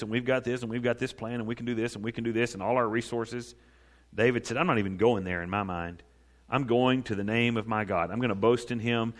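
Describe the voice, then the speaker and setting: A male pastor preaching a sermon, emphatic, swinging between loud raised declarations and quiet low asides. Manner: emphatic, rising to loud high-pitched proclamation then dropping low. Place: church sanctuary. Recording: reverberant hall.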